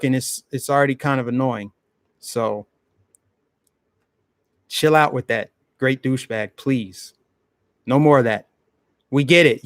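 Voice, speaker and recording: A man's voice: fairly high pitch, a bit bright, no echo, studio quality. Blunt ranting man streaming live. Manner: blunt, ranting, talks straight to chat. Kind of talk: casual livestream commentary.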